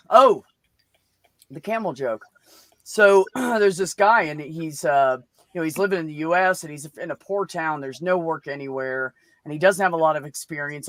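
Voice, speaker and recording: A man's voice: a little high, a bit bright, no echo. Profane rambling man telling jokes. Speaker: open mic host. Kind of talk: casual joke telling.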